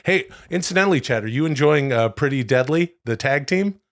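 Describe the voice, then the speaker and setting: A man's voice: medium pitch, normal speed, no room sound, clean studio sound. A man co-hosting a comedy podcast, rambling animatedly through wrestling talk and silly bits. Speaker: podcast co-host. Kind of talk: casual comedic chat.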